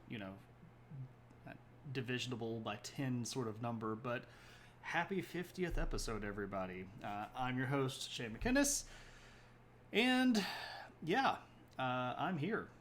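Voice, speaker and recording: A man's voice: medium pitch, expressive, measured pace, fairly bright tone, a little hiss or hum. A man hosting a history livestream in a rambling, self-correcting way, chatting with viewers between points. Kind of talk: casual livestream talk.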